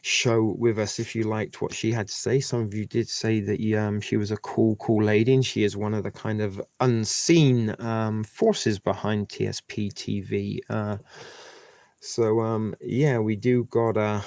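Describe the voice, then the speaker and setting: A low-pitched man with a gravelly, fry-edged voice hosts a casual live stream. He rambles in a friendly way and talks straight to his viewers. The sound is close and dry, with no room echo. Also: flat delivery, unhurried, darkish tone. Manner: rambling, chatty, addresses viewers directly. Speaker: livestream host.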